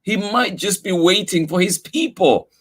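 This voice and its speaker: A calm, patient mother from a read-aloud picture book, put on by a man. She speaks slowly and reasonably in a lightly raised voice. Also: sits high, husky, voice pushed up, heavily acted.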